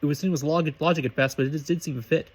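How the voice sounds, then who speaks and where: Fast-reading man narrating a story. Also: fairly high pitch, fairly even intonation, breathy edge. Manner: brisk reading with slips and restarts. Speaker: reader of fan fiction.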